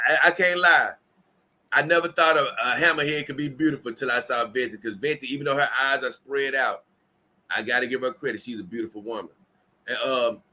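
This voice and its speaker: A man's voice: medium pitch, bright, forceful tone. A tired man hosting a casual livestream, reading viewer comments aloud and rambling with many restarts. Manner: rambling, repeats himself and restarts often. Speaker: livestream host.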